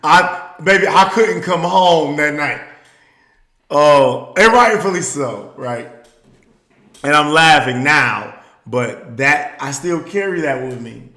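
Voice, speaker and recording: A man from the Southern US telling a personal story as a speaker, moving between hushed reflection and loud, emphatic bursts. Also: a little high, slow, roomy sound.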